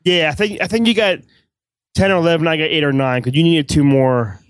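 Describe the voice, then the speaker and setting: A high-voiced man chats over a video call, rambling and stumbling over his words. He has the occasional swear and a bright, upbeat pitch, heard dry and close with no room around him. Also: brisk, dry recording. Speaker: podcast co-host.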